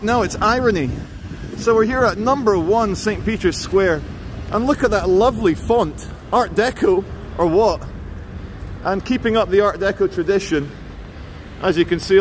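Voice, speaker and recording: A man filming himself as he walks city streets, talking in a sardonic, chatty way. His voice sits a little high for a man. Soft traffic hums behind him, caught by the camera's own mic. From England. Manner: chatty, sardonic, mocking asides. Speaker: street vlogger. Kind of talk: walking vlog commentary. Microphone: handheld camera mic while walking.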